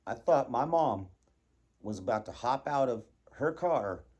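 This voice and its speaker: A man telling a casual personal story, animated and laughing, acting out his own panicked thoughts. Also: medium pitch, measured pace, husky.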